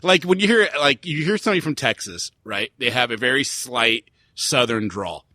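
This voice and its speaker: Animated bright-voiced man hosting. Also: mid-range voice, normal speed. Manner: laid-back, jokey, swears freely. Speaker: podcast host. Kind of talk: casual podcast chat.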